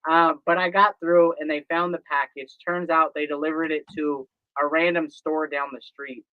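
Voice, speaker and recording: Animated high-voiced man telling stories. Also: moderate pace, smooth, no echo, phone-quality sound. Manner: animated storyteller, acts out phone calls, laughs easily. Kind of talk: casual chat.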